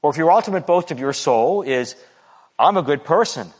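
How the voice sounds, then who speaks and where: Man, sermon, earnest, repeats himself, acts out quotes, slightly high voice, long reverb. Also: expressive, normal speed. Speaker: preacher.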